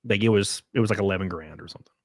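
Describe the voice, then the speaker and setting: A man's voice: low voice, very fast, no room sound, clean studio sound. Rambling man telling stories. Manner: rambling, animated, many fillers and acted quotes. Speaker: guest on a live stream. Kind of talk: casual storytelling chat.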